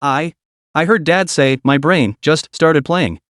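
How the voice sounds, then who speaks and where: A man voicing an earnest toddler boy who speaks slowly with slurred baby talk. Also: a little high, a bit bright, no echo, studio quality.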